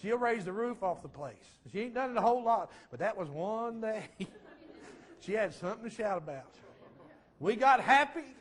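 A high-voiced preacher man in mid-life delivers a fervent sermon testimony. He rides his voice up into ringing cries, then brings it down to a quiet, earnest hush. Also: expressive, moderate pace. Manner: fervent, rising to shouts then dropping to a low hush.

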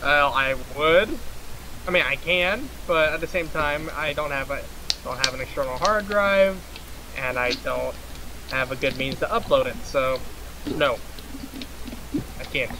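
A man's voice: a little high, a little slow, long pauses. A man chatting over voice chat during a co-op game, exasperated and protesting at his friend's antics. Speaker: co-op gamer. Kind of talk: casual gaming chat over voice chat. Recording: loud game noise behind the voice.

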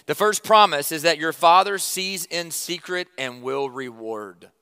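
A man preaching a sermon to his church, conversational and emphatic, with sudden loud stresses and quiet drops. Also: a little high, measured pace, smooth, in a large hall. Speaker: pastor.

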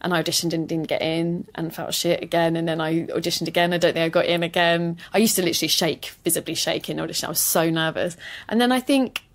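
A woman comedian recounts her past in a candid interview, quick to mock herself and unafraid to swear. Her voice sits a little low for a woman. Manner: self-deprecating, lively, swears casually. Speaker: comedian guest.

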